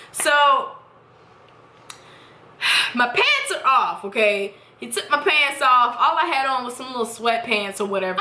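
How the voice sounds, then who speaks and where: Bright-voiced young woman, echoey room. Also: high voice. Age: 20s. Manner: candid, profane, animated retelling. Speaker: vlogger. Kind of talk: casual storytime chat.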